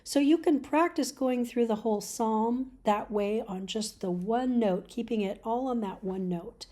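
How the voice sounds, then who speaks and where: A middle-aged woman giving a relaxed spoken lesson on church chanting, explaining with fillers and restarts. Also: mid-range voice. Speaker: chant teacher.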